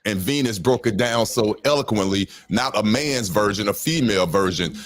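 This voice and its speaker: Earnest, lower-voiced male panelist. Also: animated, moderate pace. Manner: earnest and emphatic, praises others. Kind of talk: casual panel chat on a live stream. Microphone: video call.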